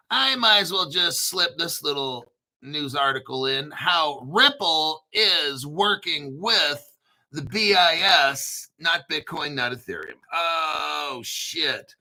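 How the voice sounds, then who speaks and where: A middle-aged man hosting crypto commentary, reading an article aloud while getting excited, swearing and joking back at himself. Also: on the high side. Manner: excitable, profane, jokes and talks back to himself.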